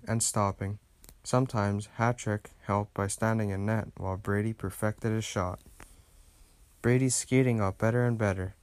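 A man with a lowish voice reads a children's picture book aloud at a gentle, steady pace. The recording is dry and close, with no room sound. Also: no echo. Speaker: narrator. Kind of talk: children's storybook read-aloud.

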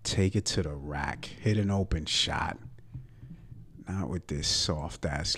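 This is a young man ranting on a sports podcast. His voice is very deep and husky, and he talks at an unhurried pace. He is brash and profane, mocking his own teams' players. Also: lively intonation.

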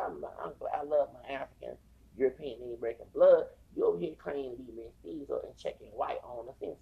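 A man's voice: medium pitch, brisk. A man ranting in casual commentary, heated and profane, repeating himself, in dull lo-fi audio. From Texas. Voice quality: gravelly. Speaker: commentator on a YouTube livestream.

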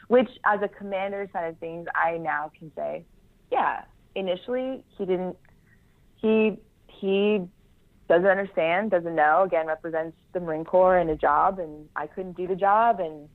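A young woman talks candidly about her past, frank and self-deprecating, with laughs between points. Her voice sits a little low for a woman. The sound comes through a thin, tinny, phone-like line. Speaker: Marine Corps veteran guest. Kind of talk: candid interview conversation.

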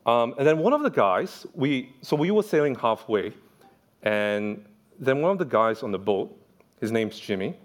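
A man's voice: mid-range voice, very animated, normal speed. A man preaching a sermon in a church, telling funny anecdotes and acting out the voices of the people in them. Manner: storytelling, playful, acts out quoted voices.

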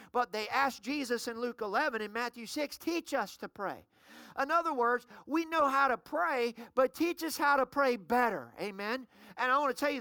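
Female pastor, emphatic sermon delivery with call-and-response, bright tone. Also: sits high, no echo. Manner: storytelling with everyday examples.

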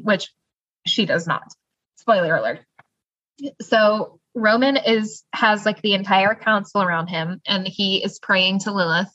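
A woman co-hosts a casual podcast and recaps the plot in a bright, tense voice. She tells the story with quick laughs. The sound is dry and lo-fi. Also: medium pitch, no room sound. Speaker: podcast co-host.

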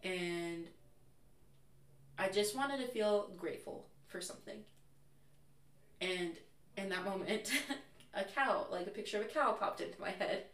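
A woman's voice: medium pitch, a little slow, long pauses. A young adult woman, a guest in a casual chat, telling stories candidly and acting out what people said. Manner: candid, animated storyteller who acts out quotes. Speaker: interview guest. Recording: roomy echo, voice far from mic.

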